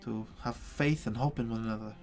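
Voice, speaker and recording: A man voicing a gentle, troubled priest who speaks solemnly with many hesitant pauses. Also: mid-range voice, fairly even intonation, soft background music, close to an everyday voice. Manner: hesitant, solemn, faltering speech.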